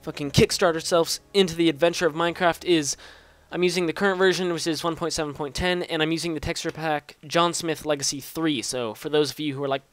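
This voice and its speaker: A man's voice: fairly high pitch, fairly even intonation, fast talker, few pauses, fairly bright tone. A young man giving casual, rambling gameplay commentary, swearing often and poking fun at himself. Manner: rambling, profane, self-mocking. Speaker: gaming YouTuber.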